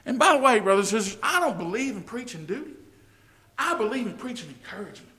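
A man preaching a sermon to his congregation, impassioned and often rising to shouted exclamations. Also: extremely high pitch, sing-song, fast talker. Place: church sanctuary with a congregation. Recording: echoey hall with long reverb.

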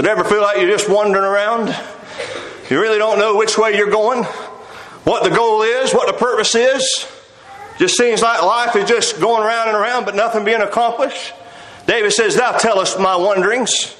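A man's voice: sits high, a bit bright, roomy sound, poor audio. A man preaching a sermon, quoting old-fashioned scripture and calling his listeners "my friends.". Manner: reads scripture in old-fashioned King James phrasing, addresses listeners as "my friends".

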